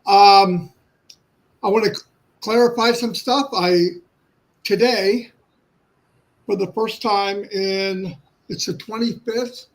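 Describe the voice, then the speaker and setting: A man in his sixties talking candidly to his livestream viewers, halting and restarting often. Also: high-pitched, steady tone, low-quality recording. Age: 60s. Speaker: livestream host. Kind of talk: personal talk to viewers.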